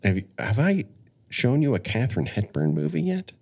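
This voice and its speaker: A man's voice: mid-range voice, wildly swooping pitch, normal speed, darkish tone, slightly rough. A middle-aged man hosting a podcast, chatting casually and explaining things at length with frequent restarts. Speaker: podcast host. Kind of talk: casual chat.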